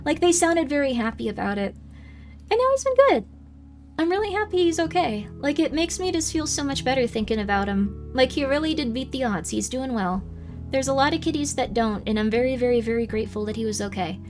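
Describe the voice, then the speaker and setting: A woman's voice: high voice, lively intonation, fairly quick, darkish tone, faint music behind. A woman streamer telling a long rambling story in casual livestream chat, full of "like" fillers.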